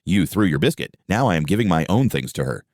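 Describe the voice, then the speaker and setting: Male narrator doing a kind young man, earnest, low-ish and lively in pitch. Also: fast talker, no echo, clean studio sound.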